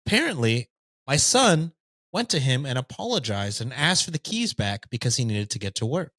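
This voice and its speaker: A man's voice: mid-range voice, moderate pace, no room sound. A man hosting a podcast, reading a story aloud and breaking off for jokey asides. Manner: lively, reads with jokey asides. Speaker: podcast host reading stories.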